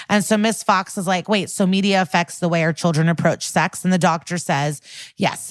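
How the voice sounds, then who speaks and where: A woman's voice: on the low side, no room sound, studio quality. A woman co-hosting a podcast, casually recapping an episode and acting out lines from it with laughing asides. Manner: retells scenes with quick quoted lines, laughing asides. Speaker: podcast co-host.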